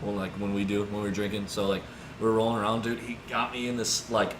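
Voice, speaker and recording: A podcast co-host in his twenties tells animated, rambling stories in a casual chat, leaning hard on "like" and "dude." His voice is on the low side and he talks fast. The room is echoey, with background noise.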